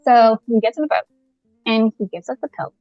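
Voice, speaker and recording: A woman from Canada, a podcast guest, telling a personal story in a lively, casual way and laughing often as she goes. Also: a little high, fairly quick, no room sound, muffled recording, soft background music.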